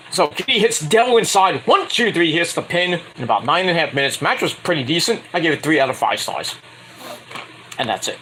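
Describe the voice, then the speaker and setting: Lively, bright-voiced male wrestling reviewer. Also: fairly high pitch, a little hiss or hum, poor audio. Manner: crude, jokey, loose play-by-play with fillers. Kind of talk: casual recap commentary.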